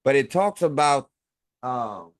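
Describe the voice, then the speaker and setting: A man's voice: medium pitch, animated, takes it slowly, no echo, clean studio sound. A man co-hosting a casual online talk show, talking in a rambling way with lots of fillers and chuckles. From Midwest United States. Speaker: co-host. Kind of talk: casual livestream chat.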